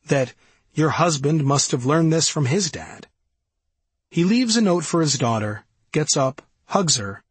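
A man reads nonfiction aloud in a steady, measured audiobook manner. His voice is strongly breathy and husky, set a little high and moving freely in pitch. The sound is dry, with no room around it. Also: no room sound. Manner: measured, even reading with quoted passages. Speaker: audiobook narrator. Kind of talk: scripted nonfiction narration.

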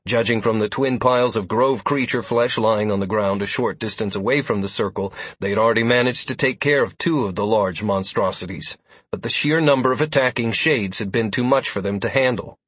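A man narrating a fantasy adventure in first person, in a steady storytelling manner. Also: fairly low pitch, brisk, husky, dry recording. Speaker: audiobook narrator.

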